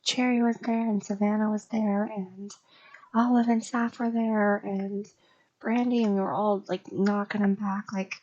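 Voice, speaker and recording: Soft-spoken rambling young woman, half whispered. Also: medium pitch, little pitch movement, unhurried, dull audio. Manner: slight stutter. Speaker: streamer. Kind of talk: casual ASMR ramble.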